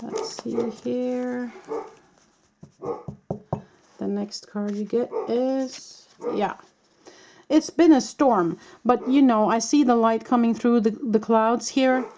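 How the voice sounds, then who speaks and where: A woman giving a tarot reading to her viewers, talking in a reassuring, meandering way with many pauses. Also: fairly high pitch, mellow, a little hiss or hum. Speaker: tarot reader.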